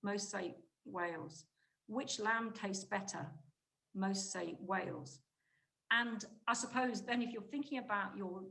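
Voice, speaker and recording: A woman giving a conference presentation on shopper research, talking briskly and emphatically with frequent restarts mid-phrase. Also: mid-range voice, fairly bright tone, low-quality recording. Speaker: conference speaker, market insight director.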